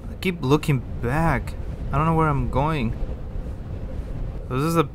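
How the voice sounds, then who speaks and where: A man's voice: fairly high pitch, a little slow, noisy background. Jittery man narrating a horror game. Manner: nervous running commentary, repeating phrases, swearing. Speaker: gaming YouTuber. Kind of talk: horror game let's play commentary.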